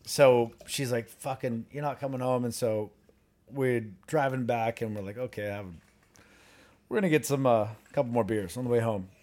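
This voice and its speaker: A man's voice: medium pitch, normal speed. A man co-hosting a podcast, telling a rambling, profane story among friends and laughing as he goes. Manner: animated, profane, laughs while telling stories. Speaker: podcast co-host.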